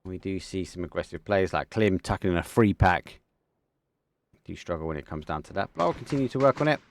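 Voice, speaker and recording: A young esports caster from Essex, England, commentates a match live in an Essex English accent, his voice sitting slightly low. Excitable, he speaks in quick bursts sprinkled with casual slang.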